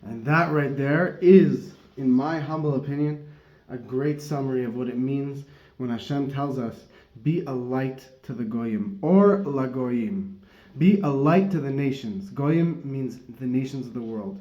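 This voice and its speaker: A man gives a loose, rambling Torah teaching, correcting himself and chuckling along the way. His voice is mellow and relaxed. The sound is dull and roomy. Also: medium pitch, unhurried. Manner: rambling, self-correcting, laughs often. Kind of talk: casual religious teaching talk.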